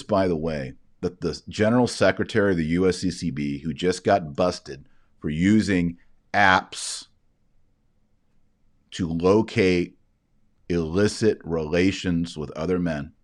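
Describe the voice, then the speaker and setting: A man hosting an online show, reading an article aloud and commenting on it to viewers, emphatic, with quiet asides. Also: deep voice, big pitch swings, measured pace.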